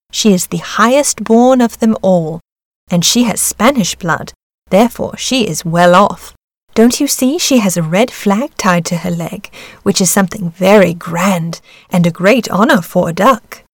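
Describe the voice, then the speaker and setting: A woman's voice: mid-range voice, dry recording, studio quality. A woman voicing a fussy, proud mother duck in a storybook reading, motherly and fretful.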